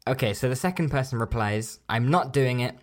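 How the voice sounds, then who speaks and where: A woman co-host with a strikingly low, deep voice, chatting through a language lesson. She gives plain English translations and nudges the talk along with short questions. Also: lively intonation, a little fast. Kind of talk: casual lesson chat.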